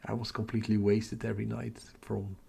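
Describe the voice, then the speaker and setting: A man's voice: lowish voice, little pitch movement, fairly quick, gravelly, dark tone, breathy edge. A man with a Dutch accent, hosting a casual livestream, chatting with viewers and muttering to himself as he works. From Netherlands. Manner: chatty, muttering to himself while tracking captures. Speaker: astrophotography livestream host. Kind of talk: casual live-stream chat reading comments.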